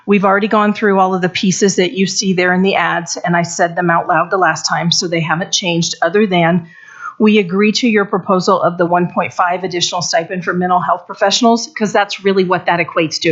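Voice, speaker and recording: A woman's voice: lowish voice, steady tone, fairly quick, dull audio. A woman speaking for the district at a public bargaining session, a little out of breath, plain-spoken and apologetic. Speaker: district negotiator.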